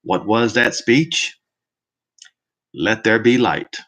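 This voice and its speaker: His voice lowish and a bit bright, this man takes it slowly as he teaches scripture in a preaching manner. As a Bible teacher, he speaks emphatically and likes to pose rhetorical questions to his listener.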